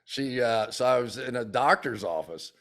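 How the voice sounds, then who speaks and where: A man's voice: medium pitch, moderate pace. A man in his sixties, a former football player turned TV analyst, chatting in an interview and acting out the quotes in his stories. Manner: animated storyteller who acts out quotes. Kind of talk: casual interview chat.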